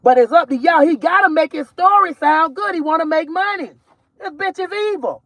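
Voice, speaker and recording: A woman's voice: very high voice, moderate pace, fairly bright tone, no echo. A woman from Georgia vents in a heated, profane rant to her viewers. She talks bluntly and cuts in with asides, recorded dry and close from inside a car. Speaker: mother vlogger. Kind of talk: casual ranting vlog. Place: in a car while driving.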